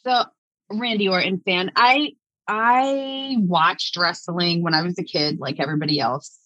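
Middle-aged woman chatting relaxed, bright punchy voice, sound a bit dull. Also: on the low side, measured pace, no room sound. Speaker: podcast guest. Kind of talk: casual conversation. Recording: slightly muffled dry mic.

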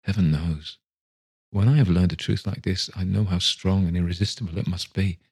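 A man voicing a gentle, sorrowful young woman. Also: sits low, slightly rough, full character voice. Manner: soft and gentle, steady. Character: gentle young woman releasing her sweetheart.

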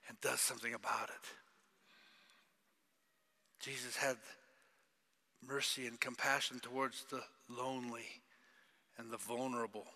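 A man preaching a sermon, dramatic, swinging between loud cries and hushed whispers. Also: mid-range voice, fairly even intonation, a little slow, vocal fry, pauses often. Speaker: pastor. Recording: long reverb of a large hall.

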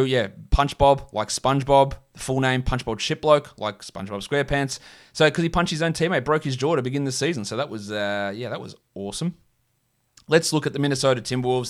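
Fairly bright and medium in pitch, this Australian podcast host's voice carries a loose solo chat. He jokes around and muses out loud, leaning heavily on filler words as he rambles.

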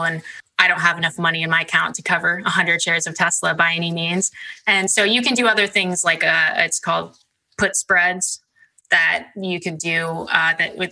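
A woman's voice: lowish voice, sharp tone, poor audio. A young woman chatting casually as a podcast guest, with many "like" and "um" fillers. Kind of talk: casual interview chat.

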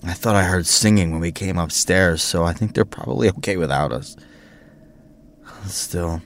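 A man's voice: deep voice, gravelly, a bit bright, a little hiss or hum, full character voice. A man voicing a nervous young priest who rambles and stumbles when flustered.

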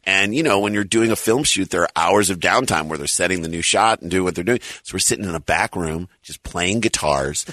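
Lively, bright-voiced male comedian telling stories. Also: deep voice, brisk, few pauses, no room sound, clean studio sound. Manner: animated storyteller, acts out quoted lines. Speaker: guest comedian. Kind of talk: casual radio chat, storytelling. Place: radio studio.

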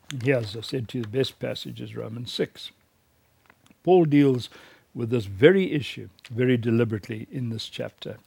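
A man teaches in a gravelly, slightly husky voice, recorded dry and close. He speaks with emphatic conviction and mixes in personal stories. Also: medium pitch, darkish tone, no echo. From South Africa. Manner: earnest, emphatic preaching cadence with personal anecdotes. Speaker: lecturer.

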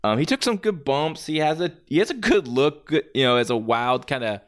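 A man's voice: a little high, brisk. A man giving a casual, blunt, opinionated spoken review, rambling with many fillers and restarts. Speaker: wrestling match reviewer.

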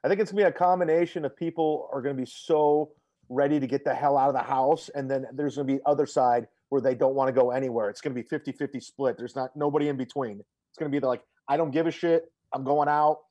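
A comedian in a casual podcast chat, wry and profane. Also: male voice, medium pitch, steady tone, quick pace, warm tone, lo-fi sound.

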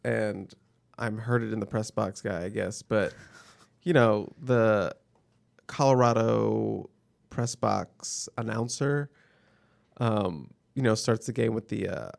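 A man's voice: lowish voice, takes it slowly, creaky. A man co-hosting a sports podcast, telling stories in an easygoing way and acting out the quotes. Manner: easygoing storyteller, acts out quotes. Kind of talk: casual sports chat.

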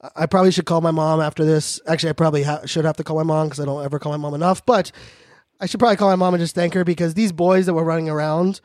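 A man hosting a podcast, talking fast and joking in a high-energy casual monologue. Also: fairly even intonation, a little mellow, dry recording, clean studio sound. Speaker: podcast host.

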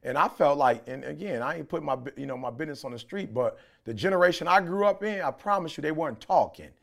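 A man's voice: a little high, animated, fast talker, creaky, a bit bright. A middle-aged man from Detroit, a podcast co-host talking in a passionate, preachy way. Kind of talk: casual podcast chat.

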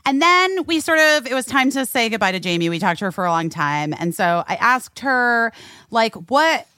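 A woman co-hosting a podcast in casual chat, animated and teasing, laughing easily. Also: fairly high pitch, moderate pace, clear, resonant tone, no echo, studio quality. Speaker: podcast co-host.

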